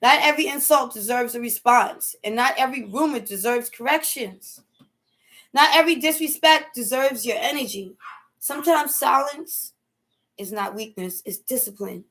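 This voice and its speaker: A woman with a high, light voice talks straight to her viewers in a casual motivational live stream. She is preachy and emphatic, with loose slangy grammar, and she keeps checking in with "okay?". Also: normal speed, fairly bright tone. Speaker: host.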